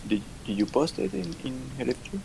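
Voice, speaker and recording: A man's voice: mid-range voice, very animated, brisk, vocal fry, noisy background. A man playing in an online raid, chatting over voice chat in a hesitant way, repeating words. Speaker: raid player. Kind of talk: casual voice chat while gaming.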